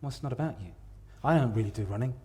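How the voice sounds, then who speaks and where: A man preaching a sermon in a church, telling the story dramatically, swinging from hushed to loud and repeating words for emphasis. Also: mid-range voice, very fast.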